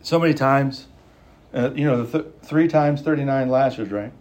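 Young guy preaching a sermon, urgent, says things twice, speeds up and slows down. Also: mid-range voice, darkish tone. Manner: emphatic, repeats lines for stress, speeding up and slowing down. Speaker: pastor.

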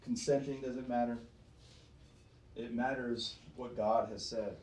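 A man's voice: mid-range voice, fairly even intonation, takes it slowly, darkish tone, a little hiss or hum. A man preaching with emphatic force, firing off rhetorical questions and doubling back on his words. He sits back from the mic in a roomy space, so his voice carries a hollow ring. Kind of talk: preaching to a small group. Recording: roomy sound from a distance.

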